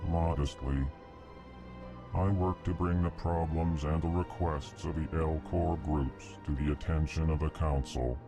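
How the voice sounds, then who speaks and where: An actor voicing a huge, formal male alien ambassador who names each emotion before he speaks, in a flat delivery. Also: rumbling low, measured pace. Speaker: diplomat. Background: game music.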